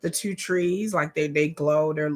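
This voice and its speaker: A woman's voice: low voice, steady tone, a little slow, darkish tone. A woman hosting a live watch-along, chatting candidly, swearing freely and laughing often. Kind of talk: casual reaction commentary.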